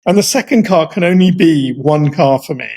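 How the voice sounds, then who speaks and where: A man co-hosting a casual podcast chat, laying out details one by one in a deliberate way. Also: fairly high pitch, expressive, mellow. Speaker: podcast co-host.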